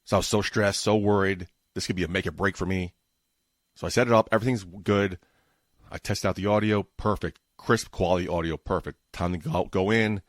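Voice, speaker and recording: Man, 40s, New York accent, low pitch, quick ranting delivery, dry close sound. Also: fairly even intonation, no room sound. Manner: fast-talking, tends to mumble and trip over words; exasperated ranting. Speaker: podcast host. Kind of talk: casual solo podcast chat. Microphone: home podcast microphone setup.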